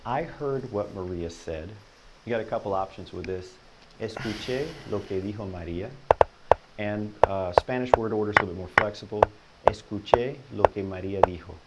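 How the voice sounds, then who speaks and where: A man teaching a Spanish lesson, patiently explaining and repeating each example sentence slowly and encouragingly. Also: on the low side, very noisy.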